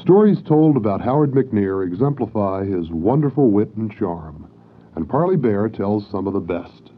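A man with a fairly low, husky voice reads a scripted introduction as narrator. The recording sounds tinny and narrow, like an old broadcast heard over a phone line. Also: lively intonation, moderate pace.

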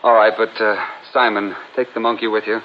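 A man playing a brisk, wry sidekick. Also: on the low side, little pitch movement, natural voice. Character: loyal male sidekick, practical and wry. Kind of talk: 1940s radio acting. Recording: dull old radio recording with faint hiss.

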